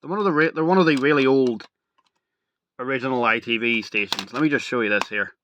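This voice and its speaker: A young video reviewer talks casually to the camera, rambling and excitable and constantly saying "like" and "literally." He has a medium pitch and talks fast, with a little hiss or hum in the audio.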